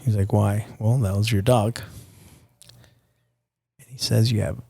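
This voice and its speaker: Gravelly low-voiced man, from Nicaragua. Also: steady tone, unhurried, dark tone. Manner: candid and profane, addresses host as dude and bro. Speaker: podcast guest. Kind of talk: personal storytelling in casual conversation.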